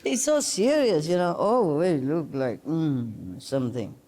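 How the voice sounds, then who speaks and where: A woman's voice: low-pitched, lively intonation, measured pace, dark tone, a little hiss or hum. A woman spiritual teacher telling fond, teasing stories in casual chat, laughing often.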